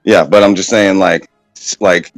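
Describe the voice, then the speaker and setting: A man's voice: sits low, steady tone, normal speed, dry recording, faint music behind. A man playing a tabletop game, loose and rambling, swearing casually. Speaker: player.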